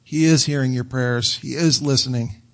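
A male pastor preaching a sermon in a conversational, animated way. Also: mid-range voice, moderate pace. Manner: conversational and animated, acting out quotes with laughs.

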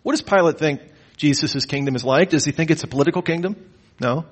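A man teaching a Bible lecture, with a lively, questioning delivery and mock-incredulous asides. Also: on the high side, fast, slightly rough. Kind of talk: lecture on the Gospels.

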